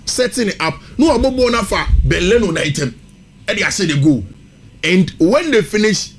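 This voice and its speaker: A man with a Ghanaian accent talking football as a radio pundit, switching between Twi and English with animated delivery. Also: fairly high pitch.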